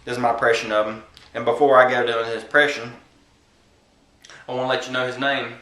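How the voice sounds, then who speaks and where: A man's voice: mid-range voice, flat delivery, bright, forceful tone. Boastful man in an echoey room. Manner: boastful, brash, with drawn-out pauses. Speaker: comedic vlogger. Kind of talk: comedic monologue to camera.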